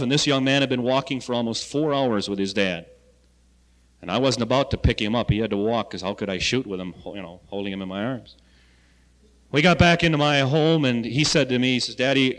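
A man with a mid-range, fairly bright voice talks to students in a lecture hall in his role as health education coordinator. He tells folksy stories and poses rhetorical questions, heard on a reverberant 1970 archive recording.

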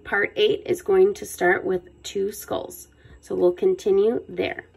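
A woman reading a children's chapter book aloud in a lively way, chatting to her young listeners as guys. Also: medium pitch, slow, gravelly, husky, rough recording. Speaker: children's book reader, channel host. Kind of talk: read-aloud storytelling for kids.

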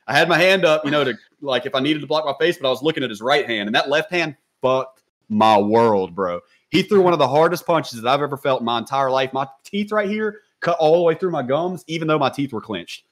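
A man guests on a podcast and tells his story at a rapid clip. His talk is loose, full of slang and swearing, and he keeps it animated and casual throughout. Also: medium pitch.

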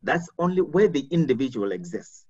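A man's voice: fairly high pitch, very animated, brisk, darkish tone, husky, no room sound. A man from Africa, an executive coach speaking earnestly on a webinar panel, repeating words as he builds his points. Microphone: video call. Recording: dull video call audio.

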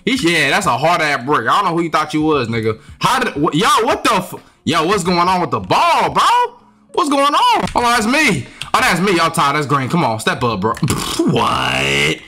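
A young man giving excitable, profane commentary while playing a game. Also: a little high, fairly quick, hardly any pauses. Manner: trash-talking, excitable, profane. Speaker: gaming streamer. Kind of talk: live gameplay commentary.

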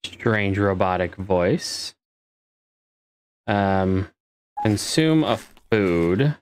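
Man, very low voice, unhurried game commentary, thinks aloud, curses at setbacks. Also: animated, smooth, dry recording, clean studio sound. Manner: mutters while figuring things out, swears when frustrated. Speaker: gamer playing a space survival game. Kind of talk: casual let's-play commentary.

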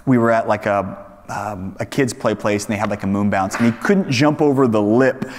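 A man's voice: fairly low pitch, moderate pace, long reverb tail. A man in his thirties preaching a casual sermon to young adults, talking conversationally and telling stories with lots of fillers and restarts. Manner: conversational, animated storytelling with many fillers and restarts. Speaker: pastor leading a young adults Bible study.

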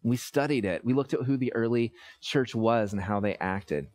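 Pastor, male, 30s, relaxed storytelling sermon, mid pitch, lots of "uh"s. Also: moderate pace. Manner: conversational, storytelling with many fillers.

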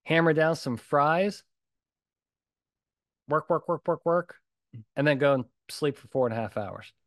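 A man with a slightly high voice hosts his own solo podcast at a measured pace, recorded cleanly in a studio with no room sound. He talks bluntly, emphatically, and with animation, repeating himself in punchy bursts.

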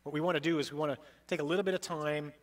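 A middle-aged man preaching in a slightly high voice. He delivers the sermon emphatically, with dramatic swings between loud and soft. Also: steady tone, rapid-fire. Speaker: priest.

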